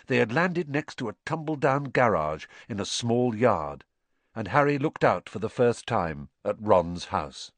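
A man's voice: medium pitch, a little slow, no echo. A man narrating a children's fantasy audiobook expressively. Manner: expressive storytelling. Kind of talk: scripted narration.

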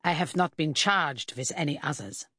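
A reader voicing an arrogant Prussian prince with a German accent, drawling and sneering. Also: male voice, on the high side, normal speed, sharp tone, breathy edge, dry recording, studio quality. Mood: disdainful.

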